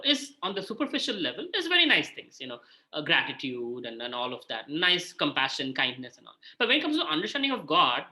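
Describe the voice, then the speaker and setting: A man's voice: a little high, poor audio. A man with an Indian English accent giving an informal scripture talk, telling stories and acting out the voices of people in them. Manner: animated storytelling, acts out quoted voices. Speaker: spiritual teacher.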